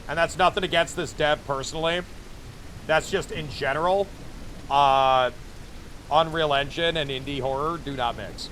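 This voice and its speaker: A VTuber streamer plays a game while chatting and joking with his viewers, talking to himself as he goes. His voice is fairly high and fairly bright, at a moderate pace, with a little hiss or hum in the recording.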